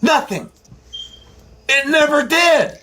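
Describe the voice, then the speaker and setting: A man's voice: very high voice, lively intonation, takes it slowly, pushed and bright. A man who drives deliveries, ranting to his viewers in a heated, profane, confrontational way. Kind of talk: heated rant to camera.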